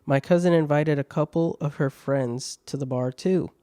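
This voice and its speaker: A man's voice: on the high side, normal speed, warm tone, clean tone, dry recording, studio quality. A man hosting a podcast, reading online stories aloud with laughing, swearing, mocking asides. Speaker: podcast host.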